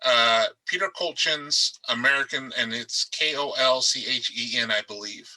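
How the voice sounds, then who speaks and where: Bright-voiced man chatting on a panel. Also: mid-range voice, normal speed, low-quality recording. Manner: animated, rambling, emphatic. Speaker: author on a panel. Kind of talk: casual panel discussion. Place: darkened room.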